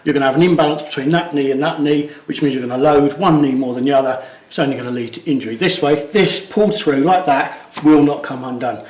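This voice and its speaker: A man's voice: on the high side, fast, few pauses. Slightly breathless male coach in echoey room. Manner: instructive, step-by-step, trails off quietly at phrase ends. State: out of breath from pulling. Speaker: strength coach. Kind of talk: hands-on demonstration.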